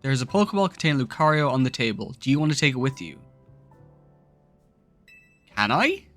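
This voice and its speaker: A man commentating his own video game playthrough, excitable and emotional, often breaking into exclamations. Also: medium pitch, rapid-fire, soft background music. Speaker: gaming YouTuber. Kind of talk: let's-play commentary.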